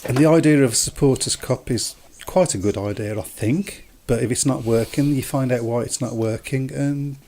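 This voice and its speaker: Podcast host, man, mid-pitched, rambly, slight hiss behind. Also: normal speed, few pauses, mellow. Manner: rambling, self-interrupting. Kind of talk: casual chat. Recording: faint background noise.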